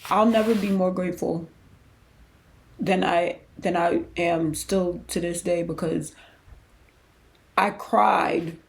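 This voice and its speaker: Low-ish and steady, with vocal fry, this woman speaks slowly and leaves long pauses. Hosting a podcast, she shares her faith story in a candid, emotional, conversational way, restarting loosely.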